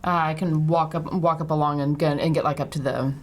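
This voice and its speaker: A woman's voice: low voice, fairly even intonation, a little fast. A woman playing a tabletop game, moving between urgent in-character lines and plain talk. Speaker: player.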